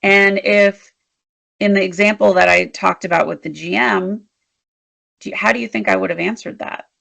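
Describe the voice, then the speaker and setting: A woman interview guest, a leadership strategist, telling work stories in an animated, emphatic way. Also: medium pitch, moderate pace, gravelly. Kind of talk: storytelling in a conversational interview.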